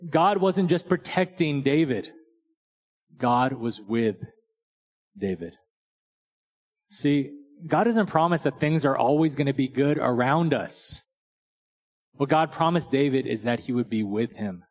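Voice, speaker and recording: A man's voice: medium pitch, unhurried, long pauses, a little mellow. A man preaching a sermon in a casual, conversational way, checking in with "right?" and telling stories and jokes. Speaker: pastor. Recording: long hall reverb.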